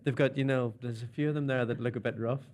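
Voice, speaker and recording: Young northern irish guy on a radio chat, rambling funny stories, ordinary pitch. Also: fairly even intonation, quick pace, darkish tone. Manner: chatty storytelling, slipping into mimicked voices. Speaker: guest comedian. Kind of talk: anecdotal radio interview.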